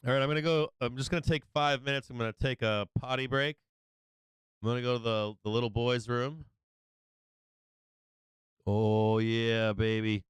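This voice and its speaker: A man giving casual live trading commentary, excitable and profane, often repeating himself. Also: medium pitch, normal speed, pauses often, clear, resonant tone, dry recording, poor audio. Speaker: livestream market commentator.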